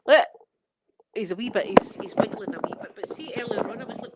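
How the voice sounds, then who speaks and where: A woman's voice: on the high side, sing-song, brisk, heavy background noise. A woman with a Scottish accent, hosting a casual unboxing chat. She is chatty and emotional and stumbles when reading aloud. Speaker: ASMR channel host.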